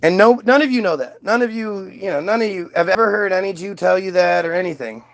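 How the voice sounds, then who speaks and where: A man's voice: high voice, fast, creaky, fairly bright tone. A man delivering a rambling, profane comic monologue. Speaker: comedian.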